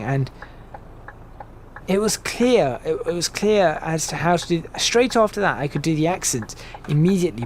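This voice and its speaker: A young man with a slightly high voice talks his way through a driving game, rambling along and correcting himself as he goes. Clear game sounds and noise run under his voice. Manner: chatty, rambling, self-correcting. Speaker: gaming channel host. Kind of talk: casual gameplay commentary.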